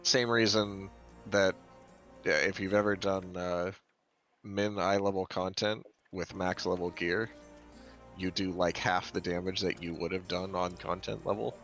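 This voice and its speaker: A man's voice: low voice, steady tone, a little slow, fairly bright tone, faint music behind. A man in a game group explaining things offhandedly with examples over voice chat. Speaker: player in a raid group. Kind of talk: casual voice chat while gaming.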